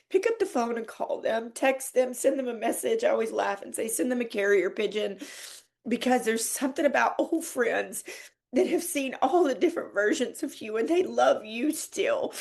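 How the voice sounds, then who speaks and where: Lady podcaster, kinda high voice, teary and heartfelt, telling a story. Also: animated, normal speed, gravelly, darkish tone. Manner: heartfelt, laughs and tears up while telling. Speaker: podcast host. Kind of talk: emotional storytelling monologue.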